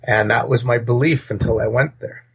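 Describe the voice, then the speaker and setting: A gravelly man from North America holds forth as a podcast guest, blunt and rambling as he jumps from point to point. His voice is rough and husky, and the lo-fi recording sounds dull. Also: mid-range voice, fairly even intonation, moderate pace, fairly bright tone. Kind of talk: casual opinionated talk.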